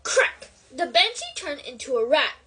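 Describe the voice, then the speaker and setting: A woman reads a novel aloud in an expressive storytelling way. Her voice is high and very lively, climbing and dipping from phrase to phrase. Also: normal speed, rough recording. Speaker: book reader.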